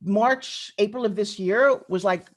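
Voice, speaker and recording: A middle-aged woman gives a chatty conference keynote, telling stories and speaking straight to the audience. Her mid-range voice moves at a measured pace, and her manner is animated.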